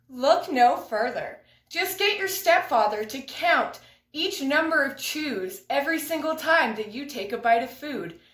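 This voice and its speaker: Deadpan young woman in an echoey room. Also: fairly high pitch. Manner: deadpan absurd one-liners. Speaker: comedian. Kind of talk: deadpan comedy sketch monologue. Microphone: household item used as a mic.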